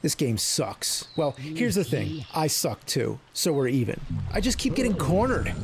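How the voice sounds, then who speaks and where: A man giving a comedic retro game review, swearing loudly and exasperated at the game. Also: fairly high pitch, sing-song, a little slow, few pauses. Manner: foul-mouthed, exasperated outbursts.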